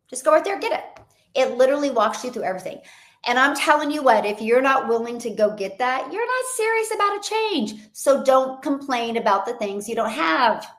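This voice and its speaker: Lady coach, kinda hoarse, high-ish voice, peppy motivational chatter, echoey room. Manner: energetic, motivational, chatty with frequent laughs. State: hoarse voice from a long event. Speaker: online business coach. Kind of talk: live-stream chat with viewers. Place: home.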